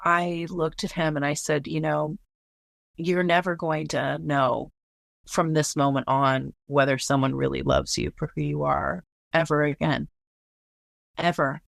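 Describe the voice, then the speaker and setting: A woman's voice: deep voice, gravelly, a bit bright, no echo, clean studio sound. A woman telling a painful personal story in an earnest, candid way, swearing now and then. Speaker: guest.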